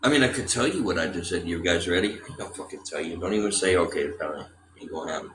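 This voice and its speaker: A man from Texas chatting casually on a livestream, gruff and profane, teasing his viewers and talking to his cat. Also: deep voice, moderate pace. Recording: echoey room with loud ambient noise.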